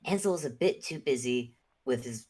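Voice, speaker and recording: Very low-voiced woman player. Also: expressive, moderate pace, a little mellow, breathy edge. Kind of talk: casual chat.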